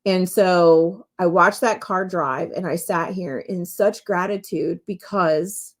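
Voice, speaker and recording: A woman's voice: lowish voice, fairly even intonation, slow pace. A woman podcast host and medium telling a personal story in an earnest, candid, heartfelt way from her home office.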